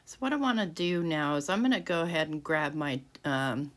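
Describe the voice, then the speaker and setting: A woman's voice: low voice, normal speed. A woman talking casually as she walks through each step of making a handmade card, narrating what she does with frequent restarts. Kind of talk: casual crafting tutorial. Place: home craft room.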